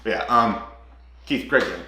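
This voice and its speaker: A man co-hosting a casual gaming talk, retelling scenes with animated energy. His voice is bright and forward, and he breaks into quick character impressions. The room gives his voice a noticeable echo. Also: on the low side, a little hiss or hum. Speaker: co-host of a gaming channel. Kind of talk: casual spoiler chat about a game.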